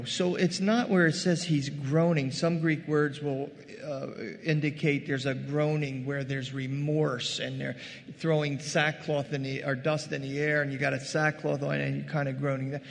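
A man preaching a sermon, animated, acting out quoted voices and rising to loud bursts. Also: on the high side, vocal fry, long reverb tail. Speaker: pastor.

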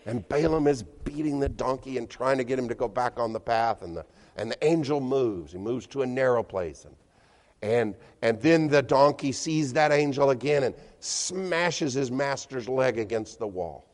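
Male pastor, conversational sermon, lively pitch, long hall reverb. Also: moderate pace. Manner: conversational storytelling with chuckles. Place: church hall.

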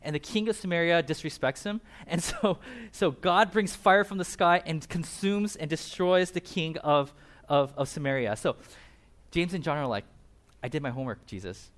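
Male pastor, slightly high voice, casual sermon, animated storyteller who acts out characters in brief asides. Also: moderate pace. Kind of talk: casual sermon retelling a Bible passage.

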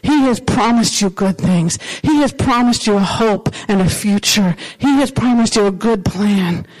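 A woman's voice: medium pitch, normal speed, darkish tone, low-quality recording. A woman pastor preaching a sermon in an emphatic, repetitive way, circling back to the same phrases.

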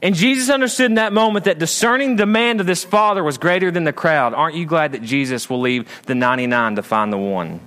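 A male pastor preaching a sermon in a church, swinging between raised emphatic lines and low, quiet asides. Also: quick pace, hardly any pauses.

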